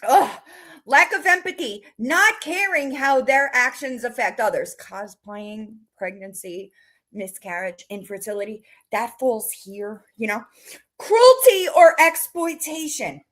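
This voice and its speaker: Woman host, high and very animated pitch, unhurried delivery, sarcastic taunting commentary, reads a list aloud. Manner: sarcastic and taunting, talks straight to the person. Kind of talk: mocking reaction commentary.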